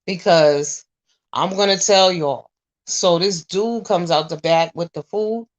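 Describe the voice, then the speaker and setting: A woman in her forties chatting to viewers, telling a story in a blunt, animated, profane way. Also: lowish voice, takes it slowly. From US Northeast. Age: 40s. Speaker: vlogger.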